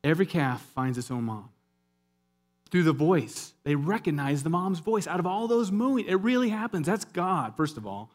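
A man preaching a sermon in a lively, conversational way, with asides and jokes to the congregation. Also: fairly high pitch, moderate pace. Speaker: pastor.

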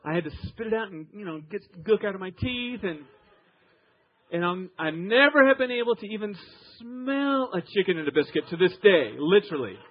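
Husky male pastor, a bit high-pitched, emphatic story-driven sermon, lo-fi radio sound. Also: expressive, moderate pace. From Iowa. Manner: storytelling preacher, emphatic, swings loud and soft.

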